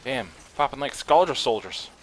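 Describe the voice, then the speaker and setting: Man, gaming commentary, casual, profane trash talk, animated pitch, faint background noise. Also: moderate pace. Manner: profane trash-talking, laughing at the game. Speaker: gaming streamer.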